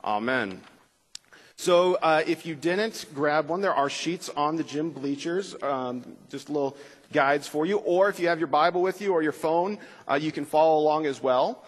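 Male pastor, relaxed Bible-class teacher, slightly high-pitched, recorded with a long gym echo. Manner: relaxed, frequent uh fillers, slows for scripture reading. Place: school gym with bleachers.

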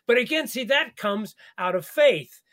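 A man hosting a conversational radio Bible study, animated, laughing often and repeating words as he thinks. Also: extremely high pitch, a little slow.

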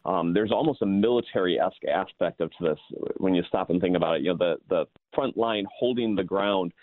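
A male pastor with a lowish voice explains a Bible verse earnestly, pausing often on fillers. His sound comes through a thin, phone-like band. It is dry, with no room echo. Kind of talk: casual Bible study discussion. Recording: tinny phone-like line.

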